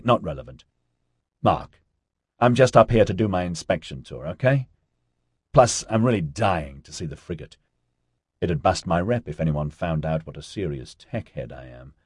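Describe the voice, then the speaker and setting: Man reading as chill slangy young dude, low husky voice, dry audiobook sound. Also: lively intonation, moderate pace, no echo. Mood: easygoing. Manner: easygoing slangy drawl. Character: laid-back cheerful young man, tech enthusiast.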